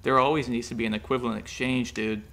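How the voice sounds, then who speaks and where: A careless young schemer with an offhand, shrugging delivery, as a male storyteller puts him on. The voice is gravelly and stays casual. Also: mid-range voice, level tone, fast, fairly bright tone, lightly acted. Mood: nonchalant.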